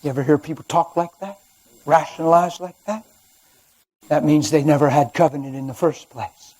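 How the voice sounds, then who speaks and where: A man preaching a sermon, telling his own story and swinging from hushed to loud. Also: a little high, fairly even intonation, moderate pace, low-quality recording. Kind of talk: sermon testimony. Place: church or studio.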